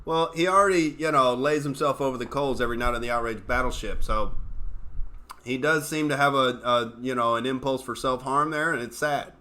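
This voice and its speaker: A man's voice: mid-range voice, brisk, bright, forceful tone. A young adult man from Oklahoma hosting a comedy political livestream, ranting profanely and sarcastically and reading chat aloud. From Oklahoma, USA. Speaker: comedian host.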